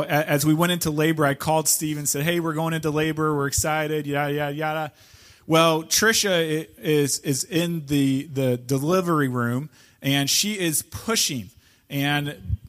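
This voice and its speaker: A man, the pastor, telling a personal story to his congregation with halting restarts before introducing a guest speaker. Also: fairly high pitch. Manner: warm anecdotal, halting with restarts. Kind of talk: casual storytelling before a sermon.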